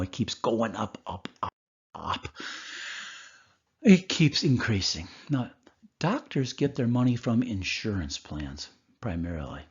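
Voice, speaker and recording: A man who is a doctor, giving a recorded course lecture and telling a story from his work with animated voices. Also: mid-range voice, slightly rough, dull audio.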